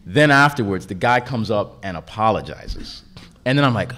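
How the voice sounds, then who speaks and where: A man's voice: on the low side, normal speed. A man on a comics convention panel, talking casually and laughing often as he tells a story. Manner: laid-back, laughs often, grows animated telling a story.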